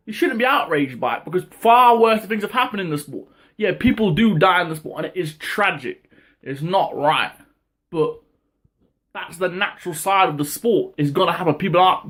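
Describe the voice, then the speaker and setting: A man hosting his own boxing talk channel, ranting in a heated, casual way, with lots of swearing and sudden high-pitched outbursts. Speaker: boxing commentary vlogger. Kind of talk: casual opinion rant.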